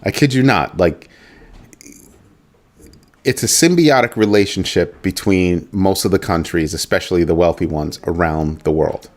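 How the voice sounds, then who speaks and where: A man's voice: low voice, moderate pace. A man hosting a casual livestream, musing aloud with rhetorical questions and reading out viewer chat. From United States. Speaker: livestream host.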